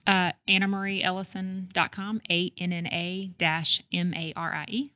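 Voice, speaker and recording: A woman's voice: on the low side, flat delivery, bright, forceful tone. A middle-aged woman speaking as a podcast guest in casual chat, earnest and reflective, talking through her answers. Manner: earnest, reflective, quick to list things. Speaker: guest, real estate executive.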